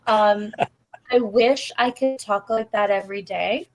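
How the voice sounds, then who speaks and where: A woman's voice: on the high side, normal speed, poor audio. Earnest forty-something woman with English accent. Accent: English accent, adopted. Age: 40s. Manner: earnest, emotional, confessional. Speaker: voice actress guest. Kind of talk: candid live-stream chat.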